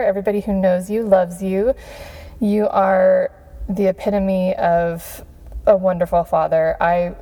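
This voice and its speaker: A podcast host in her thirties giving heartfelt thanks, gushing, with frequent pauses and fillers. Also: fairly low pitch, gravelly, mellow. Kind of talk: heartfelt Father's Day shout-outs.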